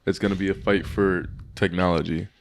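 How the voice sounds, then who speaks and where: A man with a very low voice co-hosting a casual podcast among friends. He speaks bluntly and matter-of-factly, stating his views flatly. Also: a little fast, dry recording. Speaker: podcast co-host.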